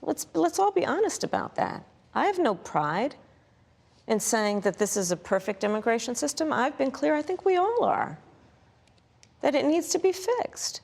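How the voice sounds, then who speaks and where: A woman politician giving measured, repetitive answers in a broadcast interview. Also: sits high, big pitch swings, creaky, a little mellow, big-room sound. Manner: measured, deflecting, repeats phrases.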